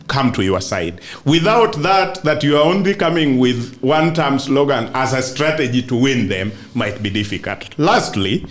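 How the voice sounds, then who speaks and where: A man with a Kenyan accent, a political commentator on a podcast, laying out his argument deliberately, point by point. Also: medium pitch.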